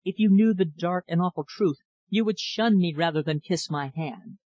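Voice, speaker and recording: A man voicing an anguished young woman hiding a dark secret in a storybook reading, pleading and breaking into high cries. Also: normal speed, muffled recording, lightly acted. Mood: distraught.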